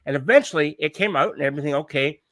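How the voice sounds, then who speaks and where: A man with an Australian accent, co-hosting a live stream, telling a story in a swearing, animated, casual way. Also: a little high, rapid-fire, dry recording. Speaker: podcast co-host. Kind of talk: casual chat.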